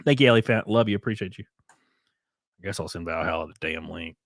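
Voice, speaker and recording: A man's voice: low-pitched, brisk, no room sound, clean studio sound. A man hosting a livestream, talking loosely to his chat with plenty of swearing while he sets up guests. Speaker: host.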